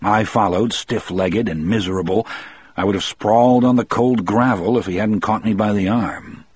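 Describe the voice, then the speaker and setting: A man reads a first-person novel aloud in a measured, grim way. His voice sits low and husky, and it is recorded dry and close with no room sound. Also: no echo. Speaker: audiobook narrator. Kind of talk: first-person audiobook narration.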